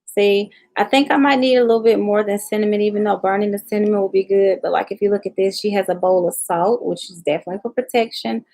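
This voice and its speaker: A woman's voice: medium pitch, steady tone, fast talker, hardly any pauses, darkish tone. A middle-aged woman with a Southern Memphis drawl, chatting casually with viewers on a live tarot stream and reading their comments aloud. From Southern United States. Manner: folksy, reads viewer comments aloud and addresses them as y'all and honey. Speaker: tarot reader on a livestream. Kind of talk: casual livestream chat with viewers.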